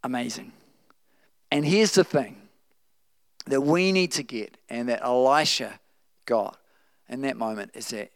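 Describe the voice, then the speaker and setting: Lively preacher, smooth voice. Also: male voice, mid-range voice, unhurried, long pauses, dry recording. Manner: animated, acts out Bible quotes with playful asides. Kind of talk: sermon.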